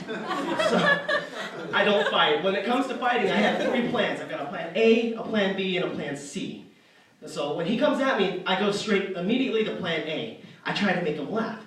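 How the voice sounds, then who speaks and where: A man's voice: high-pitched, big pitch swings, normal speed, a bit bright. A young man telling a rambling, self-deprecating stand-up story on stage, full of fillers and restarts. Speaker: stand-up comedian. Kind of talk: stand-up comedy set. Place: arts center stage. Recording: echoey hall from far off.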